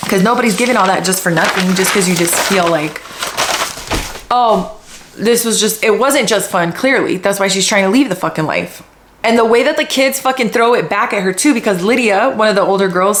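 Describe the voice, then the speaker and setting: A woman's voice: mid-range voice, roomy sound. Blunt, swearing woman podcast host. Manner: blunt, heavy swearing, animated and opinionated. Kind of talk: casual commentary.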